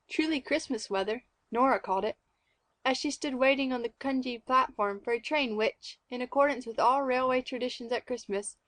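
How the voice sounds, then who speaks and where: A woman with a fairly high voice reads a classic story aloud in a clear, measured way. The recording is close and dry, with no room sound. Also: a bit bright, dry recording. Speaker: narrator. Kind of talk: scripted audiobook narration.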